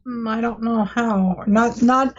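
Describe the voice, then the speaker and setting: A woman's voice: a little high, fairly even intonation, slow. A woman guest chatting casually on a craft livestream, making dry wisecracks. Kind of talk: casual chat. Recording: muffled lo-fi line with hiss.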